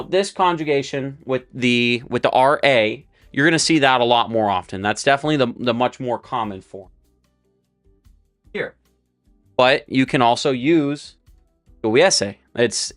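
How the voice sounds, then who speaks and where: A man's voice: medium pitch, normal speed, a bit bright, soft background music. A young man teaching a live Spanish lesson, explaining verb forms step by step while writing on a board. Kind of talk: live-streamed language lesson.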